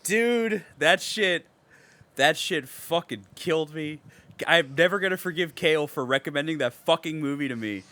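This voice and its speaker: Excitable, swearing young man with a bright voice. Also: on the high side, moderate pace, no room sound. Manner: excitable, profane, swings from mumbling to loud outbursts. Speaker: podcast co-host. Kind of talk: casual podcast chat.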